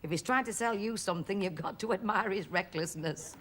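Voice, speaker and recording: A woman's voice: medium pitch, fairly quick, fairly bright tone, natural voice. A woman playing a tart, teasing fiancée with a sensible manner. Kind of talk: sitcom acting. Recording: noisy TV sitcom recording.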